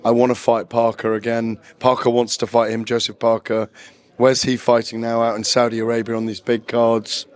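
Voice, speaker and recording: A man's voice: mid-range voice, monotone, normal speed, clear, resonant tone. A man as a boxing journalist guest, talking in a knowledgeable, discursive and self-deprecating way in a casual interview at a press conference.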